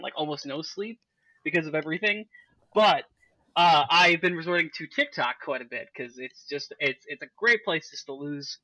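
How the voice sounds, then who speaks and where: A man's voice: fairly high pitch, sharp tone, no room sound, rough recording. A young man co-hosting a podcast, rambling in casual chat and breaking into laughter. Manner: rambling, many fillers and restarts, breaks into laughter. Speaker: podcast co-host.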